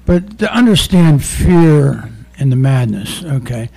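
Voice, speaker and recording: A former undercover narcotics officer turned poet, giving a rambling, profane poetry reading full of stories. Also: male voice, mid-range voice, sing-song, slow, gravelly, warm tone, husky. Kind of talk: live poetry reading with storytelling.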